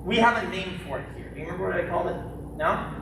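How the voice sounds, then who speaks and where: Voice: mid-range voice, very fast, gravelly, far from the mic, noisy background. Echoey martial arts instructor barking drills. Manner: barks sharp commands, jokes between drills. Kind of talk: teaching a live-streamed kids' class. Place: indoor martial arts studio. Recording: very echoey studio heard from afar.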